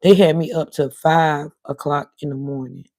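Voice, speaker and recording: A woman's voice: sits low, steady tone, normal speed, gravelly, a little mellow, no room sound. A middle-aged woman, rambling casually to her viewers on a livestream, her voice cutting in and out. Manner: rambling, talks to viewers in chat. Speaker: livestream host.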